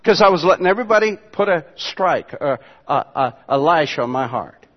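A man with a high voice preaches a sermon to his church, moving between low, quiet asides and loud, emphatic passages. The sound is dull and muffled. It rings with the long reverb of a large hall. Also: lively intonation, moderate pace. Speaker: pastor.

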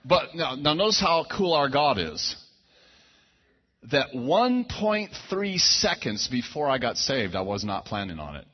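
A man's voice: mid-range voice, very animated, a little slow, breathy edge. A man preaching a sermon, telling a personal story in a folksy, conversational way full of asides and restarts. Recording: dull lo-fi sound.

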